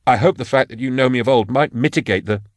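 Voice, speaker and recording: A man's voice: mid-range voice, quick pace, no room sound, pitched above the performer's own voice, close to an everyday voice. A man voicing a nervous, flustered male scholar who stammers.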